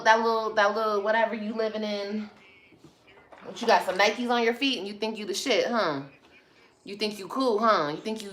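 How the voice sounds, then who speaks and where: Female vlogger, casual livestream talk; bright, sharp tone; blunt, profane, sassy with viewers. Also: medium pitch. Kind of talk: casual livestream chat replying to comments.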